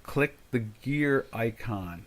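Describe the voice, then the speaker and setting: On his live trading stream, an older male host speaks slowly in an animated, mid-range voice. He keeps it chatty, thinking aloud while fixing settings.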